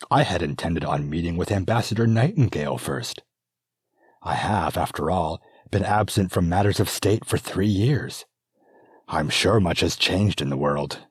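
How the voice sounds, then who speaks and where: A man's voice: low-pitched, breathy edge, no echo, clean studio sound, full character voice. A man reading an audiobook, voicing an effusive young princess who exclaims with raised voice. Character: excitable young royal princess, gushing.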